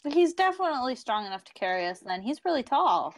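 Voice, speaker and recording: A woman's voice: fairly high pitch, sing-song, fast talker, no echo. A woman playing a tabletop game who cracks jokes. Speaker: player.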